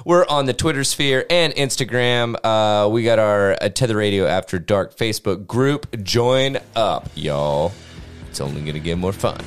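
A male podcast host who jokes and laughs his way through casual chat. His voice swings widely up and down in pitch. Faint music sits under the talk. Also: normal speed, clear, resonant tone. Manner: joking, laughing often, animated.

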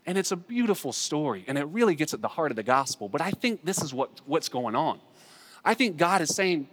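Man, pastor, sermon, dramatic loud and soft swings, fairly high voice, reverberant hall. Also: sing-song, fast. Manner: dramatic swings between loud emphatic lines and hushed asides.

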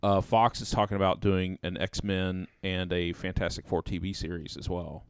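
A man's voice: sits low, level tone, normal speed, clean tone, no echo. A man co-hosting a casual movie chat, dry and opinionated. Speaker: podcast co-host.

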